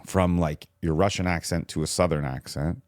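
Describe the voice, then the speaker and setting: A man's voice: low voice, normal speed, no room sound, clean studio sound. A man, an acting teacher and guest on a podcast, telling stories casually with lots of fillers. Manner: animated storytelling, full of "like" fillers.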